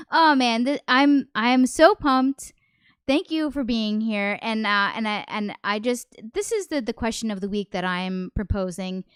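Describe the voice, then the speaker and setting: A woman's voice: high-pitched, fairly bright tone, no echo, clean studio sound. A woman hosting a livestreamed variety show, chatting in a rambling, self-deprecating way and greeting viewers by name. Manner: self-deprecating, nervous, laughs often. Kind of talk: casual livestream chat.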